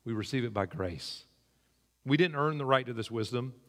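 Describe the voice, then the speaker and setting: A man preaching a sermon in a conversational way, his pitch climbing when he stresses a point. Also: lively intonation, normal speed, fairly bright tone. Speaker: pastor. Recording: long hall reverb.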